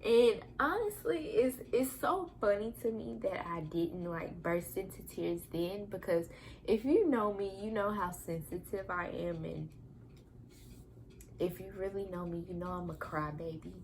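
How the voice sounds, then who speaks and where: A young woman casually telling her own story as a vlogger, candid and animated, acting out quotes with laughter. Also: lowish voice, unhurried, a little hiss or hum.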